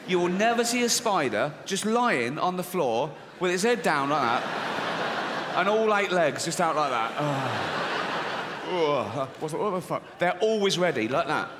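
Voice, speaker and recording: A middle-aged man doing stand-up comedy, deadpan and swearing, acting out squeaky voices in a theater. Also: measured pace, in a large hall, very noisy. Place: large theater with audience. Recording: live theater, audience laughter.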